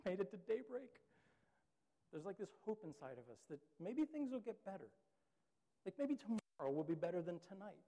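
A young man delivers a casual sermon, telling everyday stories in a loose, conversational way with lots of filler words. His voice sits a little high yet sounds mellow and relaxed. A long reverb from a large hall trails behind each phrase. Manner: casual, storytelling with many "like" fillers. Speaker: pastor.

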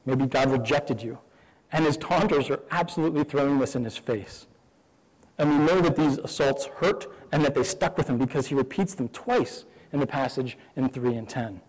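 Male pastor, mid-pitched, candid conversational sermon with rhetorical questions, reverberant hall. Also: animated, a little fast, breathy edge.

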